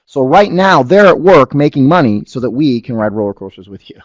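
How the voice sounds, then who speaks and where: A middle-aged man presents a business opportunity over a webinar, mixing personal stories with pitches. He keeps checking in with listeners and leans on repetition. His voice sits at an average pitch, recorded close with no room sound. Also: a little fast, no echo. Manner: animated storyteller, asks the audience to agree.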